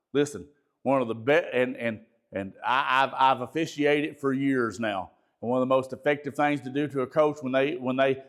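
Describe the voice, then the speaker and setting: A loud, emphatic middle-aged man, a bishop teaching a ministry training session in a lecture style. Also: fairly high pitch. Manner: loud, emphatic natural speaking voice.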